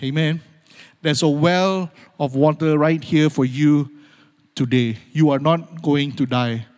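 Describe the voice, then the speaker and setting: A man delivers a sermon in a slightly high voice that carries a long reverb through a large hall. He moves between urgent, rising appeals and quiet, hushed moments, repeating key phrases and calling out amen. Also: fairly even intonation, slow, clear, resonant tone. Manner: dramatic swings from loud urgency to hushed near-whispers. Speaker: pastor.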